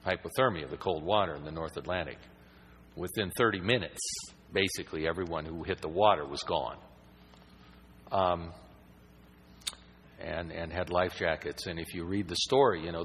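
Man preaching, husky voice, lowish pitch, long hall reverb, rambling then emphatic. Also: a bit bright. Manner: conversational, rambling with restarts, rising to emphatic preaching. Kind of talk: sermon.

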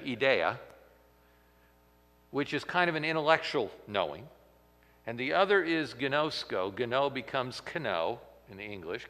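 A man teaching through a Bible passage as a pastor, animated and acting out the quotes with sudden loud emphasis. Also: medium pitch. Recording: long hall reverb.

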